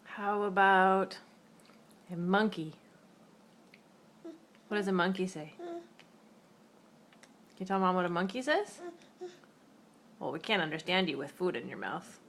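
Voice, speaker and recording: A mother speaking to her toddler at lunch at home, asking gentle questions and making playful animal noises to coax the child along. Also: lowish voice, lively intonation, measured pace, long pauses, slight background noise. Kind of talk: coaxing a toddler to make animal sounds.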